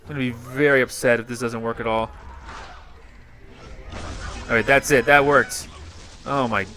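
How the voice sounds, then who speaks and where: A man, a YouTuber, giving excited commentary as he plays a game and often yells at it. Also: medium pitch, moderate pace. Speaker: YouTuber reacting to videos.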